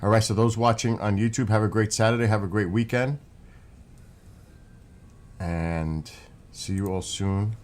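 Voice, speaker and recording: New York streamer guy, low-ish voice, rambling chatty delivery. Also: fairly even intonation, a little slow, pauses often, a little mellow, slight background noise. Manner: rambling, chatty, talks to viewers. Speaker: live streamer. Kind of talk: casual live-stream chat.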